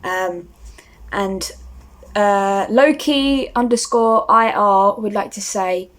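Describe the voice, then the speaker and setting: A woman's voice: mid-range voice, slow. A young woman, talking casually to camera as a vlogger and rambling with lots of fillers. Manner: rambling, starstruck, many fillers.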